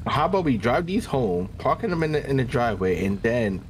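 A man's voice: mid-range voice, sing-song, fairly quick, a little hiss or hum. A man chatting casually with a friend during a driving game, laid-back and plain. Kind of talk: casual gameplay chat.

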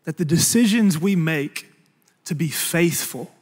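A man's voice: fairly high pitch, lively intonation, unhurried, a little mellow. A man, a pastor, preaching a sermon in an earnest, plain-spoken way. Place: large church auditorium. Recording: long church hall reverb.

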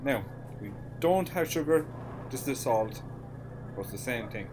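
A man's voice: mid-range voice, expressive, unhurried. Man, Irish accent, gameplay commentary, jokey, noisy recording. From Ireland. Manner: jokey, chatty, mock-bossy banter. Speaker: gaming YouTuber.

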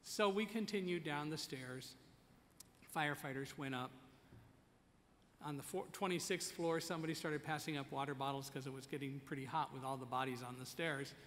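Male keynote storyteller, high and bright, direct and commanding, reverberant hall. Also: moderate pace, a little hiss or hum. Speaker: keynote speaker. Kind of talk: storytelling speech to an audience. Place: conference hall. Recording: echoey conference hall.

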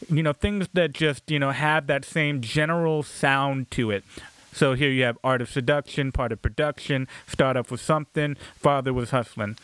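Smooth-voiced man explaining casually. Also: mid-range voice, a bit bright, dry recording. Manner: explanatory, casual, many fillers and restarts. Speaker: music instructor. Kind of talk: recorded lecture on rhyme.

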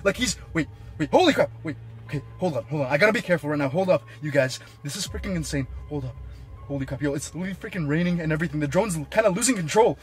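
A young man vlogging in excited live commentary, constantly exclaiming and talking straight to his viewers. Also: on the high side, racing, soft background music.

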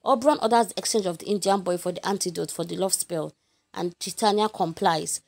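A woman's voice: fairly low pitch, fairly quick, creaky. Chatty Nigerian woman summarising a play. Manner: chatty, animated, addresses listeners directly. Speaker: literature teacher. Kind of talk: informal lesson summary.

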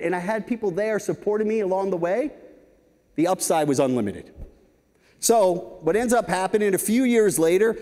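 High-voiced man telling stories on stage. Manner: lively anecdotal, frequent "right?" asides. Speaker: keynote speaker. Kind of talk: storytelling conference talk. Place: large conference hall stage. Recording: reverberant conference hall.

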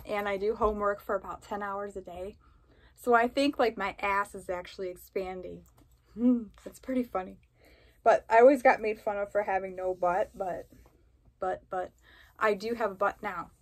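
A woman talks through a clothing try-on in a loose, unhurried way, drifting between sizing notes and jokes about herself. Her pitch sits mid-range for a woman, and she lets her thoughts wander as she goes. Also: low-quality recording. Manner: chatty, rambling, jokey and self-deprecating. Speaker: fashion vlogger. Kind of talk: casual try-on review.

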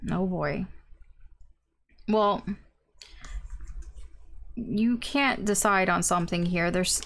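Over slight background noise, a woman with a mid-range voice gives a casual tarot reading. She's blunt and informal, swears a little, and thinks out loud with lots of ums and maybes.

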